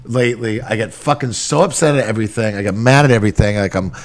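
A man's voice: on the low side, fast. A man in his forties on a casual podcast chat, grumbling and swearing a lot about being irritable since quitting smoking. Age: 40s. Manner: profane, grumbling, self-mocking. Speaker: podcast co-host.

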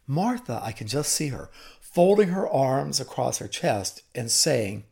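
A man preaching a sermon, retelling a scripture story with dramatic, deliberate delivery and hushed drops for effect. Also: mid-range voice, very animated, gravelly, breathy edge.

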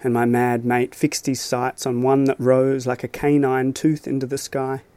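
A man reading his own reflective travel essay aloud as scripted narration, measured and thoughtful. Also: medium pitch, completely flat delivery, mellow, smooth, dry recording. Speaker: storyteller.

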